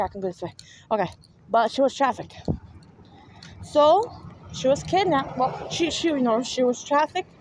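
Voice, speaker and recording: A spiritual vlogger with a New York accent talks to viewers from her car in a rambling, profane, repetitive monologue. Her voice sits high and is a little mellow, and the recording is rough.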